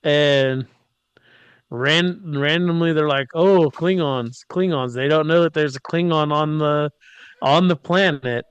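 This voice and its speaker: Slow, smooth male podcast host, joking recap with character mimicry, dry close sound. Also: fairly high pitch, steady tone, fairly bright tone, no room sound. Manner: jokey, mimics characters in quotes. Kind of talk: casual episode recap.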